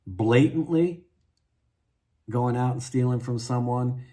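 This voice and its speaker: A man's voice: mid-range voice, slow, mellow. A man venting in a rambling, frustrated monologue, full of restarts and asides. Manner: frustrated, rambling, many restarts and "you know". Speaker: guitar vlogger.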